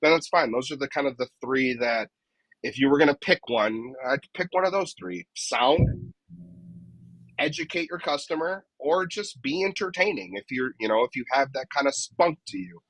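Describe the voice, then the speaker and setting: A man's voice: medium pitch, normal speed, fairly bright tone, dry recording, rough recording. A man who works as a dent repair technician, a guest on a casual podcast interview, explaining his advice step by step and often checking in with "right?". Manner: explanatory, tags many points with "right?".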